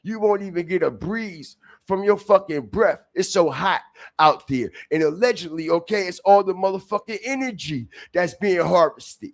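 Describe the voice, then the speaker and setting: A man hosting a livestream, giving profane, preachy street commentary and calling out to his viewers. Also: sits high. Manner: profane, repetitive, preachy call-outs to viewers. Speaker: live stream host.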